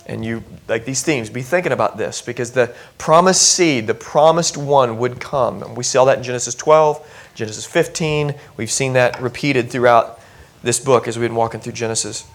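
A middle-aged man preaching a sermon to his congregation in a conversational, animated way, with humorous asides. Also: mid-range voice. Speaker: pastor.

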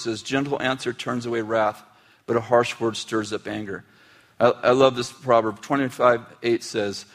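A middle-aged man preaching a sermon, telling family stories and acting out their quotes with humor. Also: medium pitch. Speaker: pastor.

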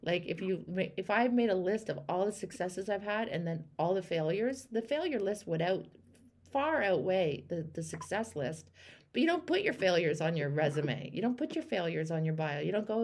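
A woman hosting a call-in coaching chat, encouraging and animated, acting out example phrases for her caller. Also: medium pitch, normal speed. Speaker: host and life coach.

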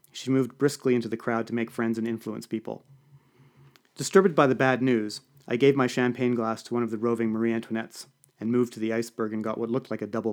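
A man narrating an audiobook in the first person, dry and wry. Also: mid-range voice.

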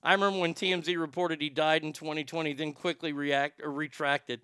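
A man's voice: fairly high pitch, flat delivery, a little fast, pushed and bright, smooth, no room sound, clean studio sound. A man hosting a show in a rambling, profane comedic rant, often stammering and repeating words. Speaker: show host.

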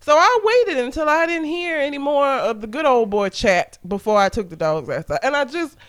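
Laughing, lively-voiced woman. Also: high voice, normal speed. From Southern United States. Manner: candid, laughs often, animated storytelling. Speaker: podcast co-host. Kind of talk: casual chat.

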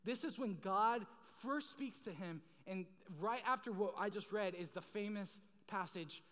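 A man's voice: high voice, a little slow, a bit bright. A young man preaching a sermon in a casual, joking way, telling stories and getting the crowd to join in. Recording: long reverb in a large hall.

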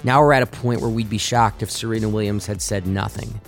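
A man's voice: on the low side, fairly even intonation, fairly quick, gravelly, faint music behind. Passionate male sports podcast host. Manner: passionate, argumentative. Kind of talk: opinionated podcast commentary.

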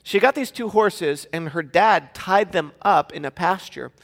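A man's voice: high-pitched, a little slow. A man in his thirties preaching a sermon as pastor, telling stories animatedly with playful asides. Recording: long hall reverb.

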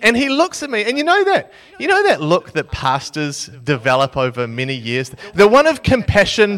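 Animated young man telling a sermon story. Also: high voice, normal speed, few pauses. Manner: animated, self-mocking storyteller. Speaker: preacher.

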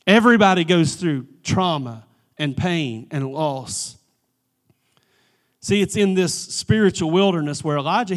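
A male pastor preaching a sermon in an energetic, emphatic manner, calling out to the congregation. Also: high voice.

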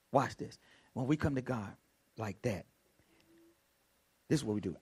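A man preaching a prayer sermon as pastor, repeating phrases and swinging from soft murmurs to loud shouts. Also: mid-range voice, expressive, slightly rough. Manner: repeats phrases, drawn-out emphatic delivery.

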